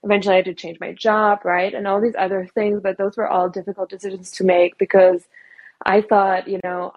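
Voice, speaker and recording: Woman guest, 30s, earnest reflective storyteller, husky voice, dull audio. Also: mid-range voice, flat delivery, a little fast. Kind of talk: personal story in a podcast interview.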